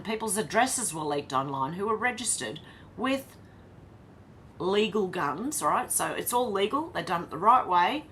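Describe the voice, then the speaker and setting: A woman's voice: on the low side, sharp tone, a little hiss or hum. An Australian woman hosting a casual livestream, talking in a tired, wry way and reading out chat comments. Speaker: livestream host.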